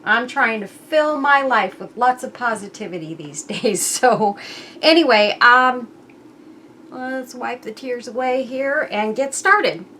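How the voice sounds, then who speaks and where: A woman's voice: a little high, slow pace, pushed and bright, slight background noise. A middle-aged woman hosting her own crafting channel, chatting in a rambling way with many ums, and moved close to tears. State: emotional, near tears. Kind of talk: casual chatty craft vlog.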